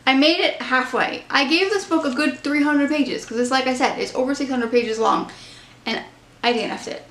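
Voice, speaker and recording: A woman's voice: high-pitched, moderate pace, a bit bright, roomy sound. A woman casually chatting through her monthly book reviews, candid and opinionated. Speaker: book vlogger.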